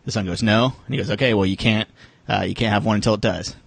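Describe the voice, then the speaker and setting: Male podcast co-host, low and gravelly, dry mic, casual joke-teller. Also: fairly even intonation, fast talker, no room sound. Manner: joking, loose storytelling.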